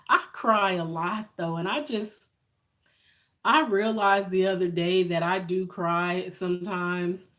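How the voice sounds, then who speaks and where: A woman's voice: on the low side, steady tone, takes it slowly, fairly bright tone. A woman, chatting on a live stream, emotional and thankful, laughing often. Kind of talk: casual live-stream chat with viewers.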